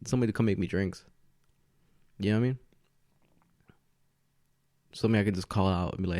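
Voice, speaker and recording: A man's voice: sits low, racing, long pauses, dark tone, no room sound, studio quality. A man hosting a podcast alone at home, a bit tipsy from tequila, chatting in a loose, rambling way and laughing often. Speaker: podcast host. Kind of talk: casual solo podcast chat. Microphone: podcast mic with camera setup.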